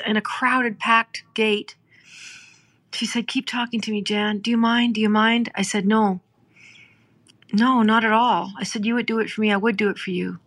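A woman's voice: mid-range voice, a bit bright. A woman podcast host telling an emotional story in a heartfelt, conversational way, acting out the dialogue as she goes.

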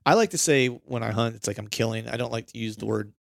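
A man's voice: mid-range voice, fast talker, gravelly, no room sound, studio quality. A man in casual conversation, talking in a laid-back, rambling way and laughing often. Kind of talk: casual chat.

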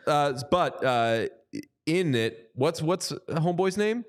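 Playful young man riffing on a podcast. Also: a little high. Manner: playful, quick riffing with bursts of excitement. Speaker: podcast co-host. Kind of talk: casual chat and ad read.

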